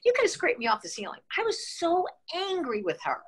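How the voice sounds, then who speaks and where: A woman in her sixties from New York State, an interview guest telling lively stories and acting out the voices she quotes. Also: very high voice, a little fast. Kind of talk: casual interview storytelling.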